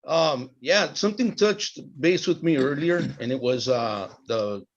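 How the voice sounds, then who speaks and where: Middle-aged guy sharing in a support group on a zoom call, lots of um and restarts, kinda muffled audio. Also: on the high side. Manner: halting, many restarts and fillers. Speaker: group participant. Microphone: video call. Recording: slightly dull video-call audio.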